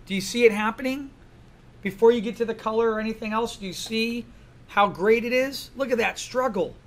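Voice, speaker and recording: A man teaching a class in a classroom, lively and full of questions to the students. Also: very high voice, brisk. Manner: animated, asks the class many questions. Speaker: art instructor. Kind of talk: classroom lecture.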